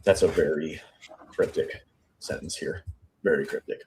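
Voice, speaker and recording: A man's voice: a bass voice, fairly even intonation, a little mellow, slight background noise. A man hosting a true crime show, analyzing an interview statement line by line, thinking aloud and repeating phrases as he goes. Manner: thinking aloud, repeats and restarts phrases, pace shifting between slow and rushed. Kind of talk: statement analysis commentary, reading quotes aloud.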